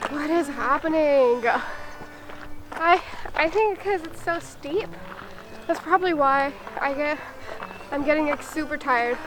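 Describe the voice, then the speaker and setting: A high-voiced woman hikes up a steep forest trail and talks to a handheld camera. She is out of breath and speaks slowly, joking about herself. Music plays clearly under her voice. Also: fairly bright tone, low-quality recording. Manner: breathless, chatty, self-deprecating. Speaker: vlogger. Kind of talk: casual hiking vlog.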